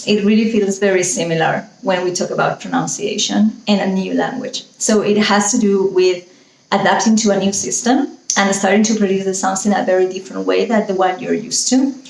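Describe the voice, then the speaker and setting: A woman, a native Spanish speaker with a Spanish accent, works as a pronunciation coach and teaches English pronunciation in an enthusiastic, rambling monologue full of fillers. Her mid-range voice is gravelly. The sound is roomy and the recording rough.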